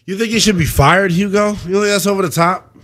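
Young male sports-talk host, animated and slangy, voice pitched a bit high. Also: brisk. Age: young adult.

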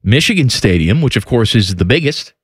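A man's voice: mid-range voice, sing-song, brisk, slightly rough, no room sound, clean studio sound. A man co-hosting a sports talk show, emphatic and opinionated with mock outrage. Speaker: co-host.

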